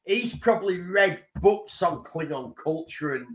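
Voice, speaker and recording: A man's voice: sits high, animated, measured pace, roomy sound. A man co-hosting a podcast in casual chat, chiming in and musing aloud. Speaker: podcast co-host.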